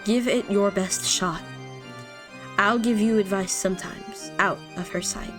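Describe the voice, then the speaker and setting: A woman reading aloud as a cruel, aloof female witch, calm and quietly taunting. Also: medium pitch, unhurried, over music, natural voice. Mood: coolly taunting. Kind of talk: reading game dialogue aloud.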